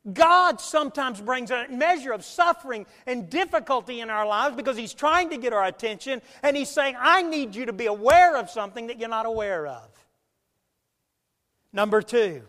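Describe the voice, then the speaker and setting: A man preaching a sermon as pastor, emphatic, swinging between loud and quiet, speeding up and slowing down. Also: very high voice, in a large hall. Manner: emphatic preaching with big swings in loudness and pace.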